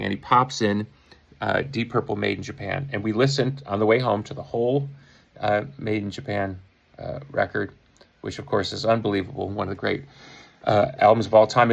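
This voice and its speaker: Rock musician, 50s, male, from the Chicago area: gravelly, lowish voice, loose storytelling with chuckles. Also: poor audio. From Chicago area, USA. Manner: rambling, self-correcting, with chuckles. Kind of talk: casual anecdote told to camera.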